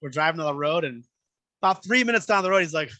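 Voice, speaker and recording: A man from Southern Illinois, animated, acting out the voices in his story as a guest. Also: a little high, a little fast, no room sound. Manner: animated, acts out voices in anecdotes. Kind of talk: casual storytelling.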